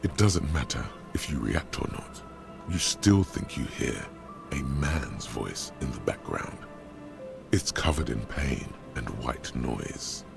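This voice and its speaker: An actor voicing a grave male inner narrator in a game, speaking in slow, ominous second person. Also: very deep voice, animated, exaggerated voice. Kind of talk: game voice acting. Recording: narration over clear game music.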